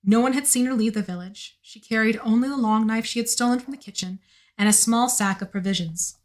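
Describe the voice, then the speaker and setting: A woman with a slightly hoarse voice, reading a novel aloud on a live stream in an unhurried way, with chatty asides. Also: on the high side, darkish tone.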